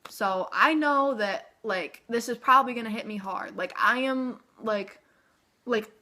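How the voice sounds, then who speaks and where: A woman's voice: on the high side, a little slow. A woman in her twenties telling a personal story to camera in a chatty, casual way, full of "like". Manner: chatty, filler-heavy "like", animated retelling. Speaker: vlogger.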